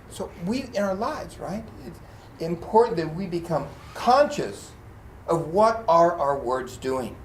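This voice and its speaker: A high-pitched male pastor preaches in church, a lively storyteller who acts out quotes and laughs a lot, yet is choked up at times. The sound is roomy with slight background noise.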